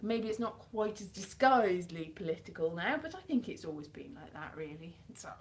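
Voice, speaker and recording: A woman's voice: medium pitch, very animated, a little fast, hardly any pauses. A woman chatting casually and rambling on a home live stream, breaking into playful voices to mimic characters. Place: indoors at home.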